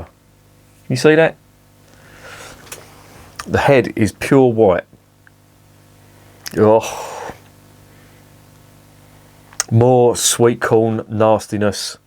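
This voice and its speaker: A middle-aged man with a somewhat low voice, talking straight to camera in a casual review. He swears constantly and grumbles with sarcastic exasperation. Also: a little mellow. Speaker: beer reviewer. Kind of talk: casual beer review vlog.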